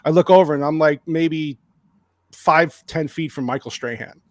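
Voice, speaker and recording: A man guesting on a podcast, telling an excited, rambling anecdote with lots of restarts. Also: on the high side, normal speed, no echo. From lives in Arizona. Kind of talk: casual storytelling on a podcast.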